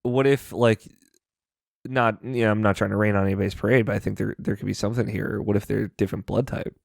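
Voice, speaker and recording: A woman co-hosting a casual podcast chat, playful and jokey, with a gravelly voice. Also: extremely low pitch, fairly even intonation, fast talker, darkish tone, dry recording, clean studio sound. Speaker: podcast co-host.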